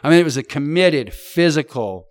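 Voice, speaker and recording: A man's voice: on the high side, expressive, moderate pace, dry recording, studio quality. A middle-aged man, an improviser, telling a vivid, profane story in casual chat. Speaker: podcast guest.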